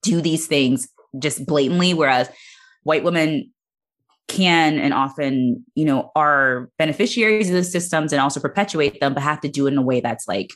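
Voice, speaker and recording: Woman, podcast panelist; low voice, loose analytical chatter. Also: moderate pace. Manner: analytical, rambling, heavy use of "like". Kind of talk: casual chat.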